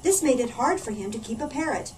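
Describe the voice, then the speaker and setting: A woman, a children's librarian, reading a storybook aloud in a playful, animated way. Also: high voice, brisk. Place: library room. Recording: distant mic, faint room noise.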